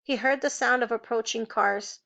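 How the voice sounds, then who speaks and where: A woman's voice: fairly high pitch, moderate pace, vocal fry, bright, forceful tone. A woman reading a novel aloud, changing her voice to play each character. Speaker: reader.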